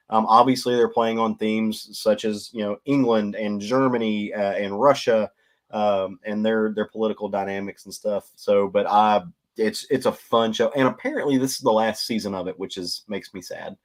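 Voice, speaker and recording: Male podcast co-host, lowish voice, loose and filler-heavy. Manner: rambling, many ums and uhs. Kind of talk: casual chat.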